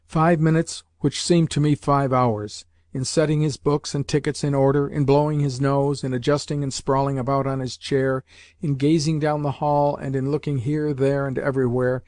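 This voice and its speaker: Man, audiobook narrator, measured scripted narration, mid pitch, dry close sound. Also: steady tone, a little mellow, no room sound.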